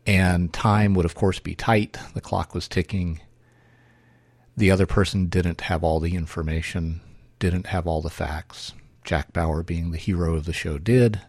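A man's voice: low-pitched, fairly even intonation, a little slow, darkish tone, dry recording. A man hosting a solo podcast, thinking aloud in a wry, self-correcting way. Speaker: podcast host.

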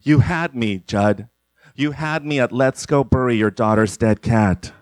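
A man voicing a nervous, lovestruck younger man who speaks in a hushed, stammering way. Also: medium pitch, unhurried, dry recording, close to an everyday voice. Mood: earnest.

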